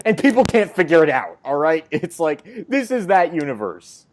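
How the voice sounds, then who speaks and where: A man's voice: fairly high pitch, sing-song, moderate pace. A man co-hosting a comic book podcast, laughing often and adding sarcastic asides. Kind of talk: casual comic review chat.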